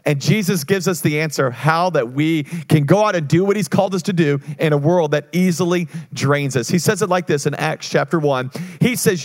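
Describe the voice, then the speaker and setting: Pastor, male, mid-high pitch, lively call-and-response preaching. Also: a little fast, hardly any pauses. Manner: energetic preaching with call-and-response and frequent restarts. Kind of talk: sermon.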